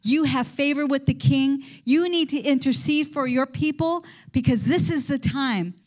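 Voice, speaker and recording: A woman's voice: high-pitched, normal speed, close to an everyday voice. A woman voicing a defiant man who urgently presses his cousin to act.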